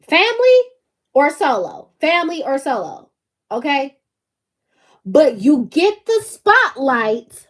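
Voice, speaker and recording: A woman, hosting her own channel and talking casually and emphatically to camera, laughing often. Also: high-pitched. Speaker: channel host.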